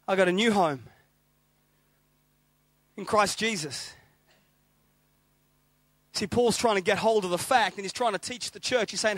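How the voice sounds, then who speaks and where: A middle-aged man from England, raised in Australia, preaching a sermon in an animated storytelling way and repeating phrases for emphasis. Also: high voice, no echo.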